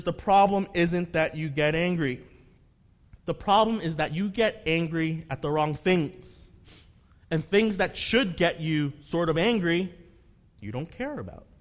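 A male pastor preaching a sermon, moving between emphatic peaks and soft, reasoning passages. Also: on the high side. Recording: long hall reverb.

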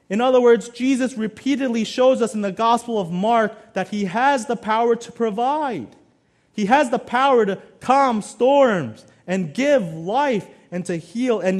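A male pastor preaching a sermon, swinging between loud emphasis and quiet, low asides. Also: unhurried.

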